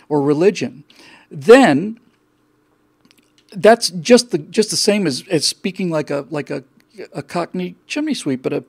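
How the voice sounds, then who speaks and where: Gravelly man, rambling monologue. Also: sits high, a little mellow. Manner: rambling, with frequent restarts and repeated words. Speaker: show host. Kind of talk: casual monologue.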